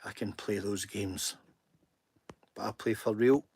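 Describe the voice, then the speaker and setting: A man's voice: fairly low pitch, steady tone, a little slow, darkish tone, breathy edge. Earnest Scottish man hosting a livestream. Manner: earnest and self-deprecating, chatty. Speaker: livestream host. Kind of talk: casual live-stream chat.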